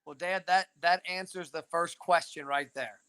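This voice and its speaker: A man's voice: on the high side, fairly even intonation, moderate pace, pushed and bright, smooth. A young man hosting a casual live-stream chat from a back-porch hammock, teasing and playful. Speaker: host. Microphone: phone camera.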